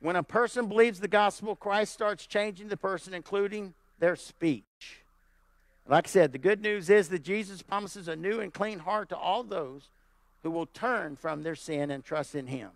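A pastor preaching a sermon, hammering points with repeated lines, checking in with the congregation, and slipping into folksy, plainspoken asides. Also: male voice, sits high, normal speed, no echo. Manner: emphatic preaching with repeated lines and calls of "Amen?".

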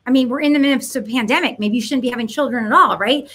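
A woman with a high voice delivers an impassioned monologue to camera. She mocks her targets, fires off rhetorical questions and slips into voices. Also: fast, hardly any pauses, a bit bright. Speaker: political commentator.

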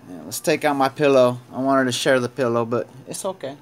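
Brisk and fairly even in intonation, this medium-pitched man narrates his sports card pack opening in a casual, chatty way. He calls out card names aloud, chuckling here and there.

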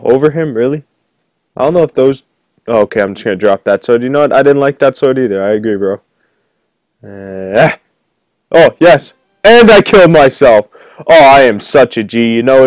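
Excitable young man playing a game. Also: medium pitch, no room sound. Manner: excitable, jokey, shouts and whoops at wins. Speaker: gaming channel host. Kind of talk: casual let's play commentary.

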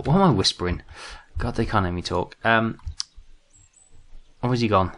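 A man's voice: lowish voice, lively intonation, moderate pace, fairly bright tone. A British man commentating his own game play, jumpy and muttering to himself with self-mocking asides. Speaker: gaming commentator.

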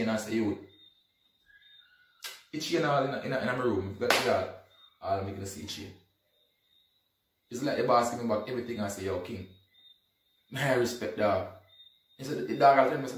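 Man telling a story, animated, distant mic in a roomy echo. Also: medium pitch, normal speed, pauses often. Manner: animated, acts out dialogue, repeats "you see me". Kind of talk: casual retelling of an event. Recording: echoey room, distant from mic.

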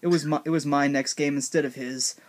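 A man's voice: a little high, fairly even intonation, fairly quick, close to an everyday voice. A young man voicing a laid-back male raccoon thief, easygoing and hesitant with fillers.

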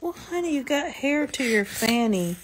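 A woman's voice: high-pitched, lively intonation, normal speed, background noise. A woman, a mother chatting casually with her young son in a family vlog, laughing often and teasing him. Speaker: mother and vlogger.

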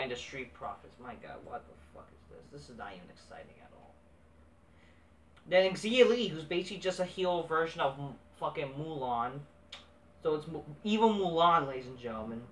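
A man's voice: a little high, a bit bright, distant mic. A man recapping a wrestling show in a casual, profane, dismissive way, swearing constantly. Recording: echoey room, off-mic.

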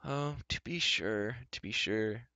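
A man's voice: mid-range voice, lively intonation, normal speed, fairly bright tone, dry recording, close to an everyday voice. A man voicing Gwistle, a fretful old man who mumbles vaguely and tremulously. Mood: mumbling.

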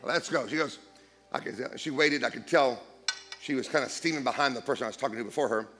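A middle-aged man preaching a storytelling sermon, joking and acting out dialogue. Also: fast talker. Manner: animated, jokey, acts out dialogue with big pitch swings. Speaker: guest preacher.

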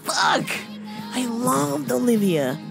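A middle-aged woman rambling through her podcast in a casual, swear-filled way, her voice sitting a little high. She drifts from low mutters to loud, bright bursts, with faint music under her talk. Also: very animated, takes it slowly, creaky. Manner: swears freely, chatty, breaks into off-key song. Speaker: podcast host. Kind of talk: casual profane chat with bursts of singing.

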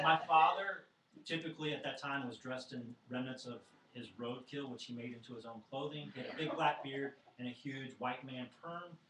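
A man telling a comic personal story live to an audience in a house show, animated with self-deprecating asides. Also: medium pitch. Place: living room of a house show before an audience. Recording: roomy, distant live recording.

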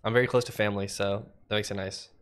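A man's voice: fairly low pitch, little pitch movement, fast, a bit bright, clear, resonant tone. A man in his forties from the United States, thinking aloud and chatting with viewers while he codes a game on a livestream, hesitant and rambling. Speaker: livestream programmer. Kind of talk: casual livecoding chat.

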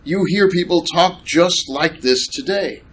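A man's voice: high-pitched, unhurried, slight background noise. A man preaching a sermon, emphatic and sarcastic, repeating points with questions to the congregation. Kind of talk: sermon with slides.

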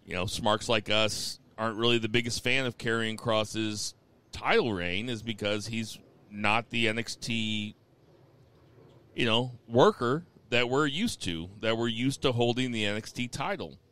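A man's voice: mid-range voice, measured pace. A man hosting a casual podcast chat, leading the segments and recapping matches. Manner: runs the segments, steady recap with fillers. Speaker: podcast host.

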